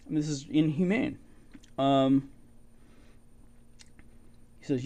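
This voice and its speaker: A man with a middle-pitched voice works through old documents, thinking out loud at a casual pace. He speaks haltingly, with fillers and short laughs. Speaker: amateur history researcher. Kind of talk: casual commentary reading documents.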